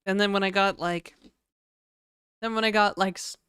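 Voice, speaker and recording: A woman's voice: mid-range voice, fairly even intonation, normal speed, a bit bright, clean tone, no echo, studio quality. A woman streaming live, chatting casually and rambling while reading out chat messages.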